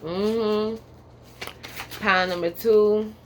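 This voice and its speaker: Woman, tarot reader, sassy, profane, emphatic, drawn-out words, mid pitch. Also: steady tone, slight background noise. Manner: sassy, profane, emphatic, keeps adding "okay?"; drawls some words slowly for emphasis. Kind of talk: casual pick-a-card tarot reading.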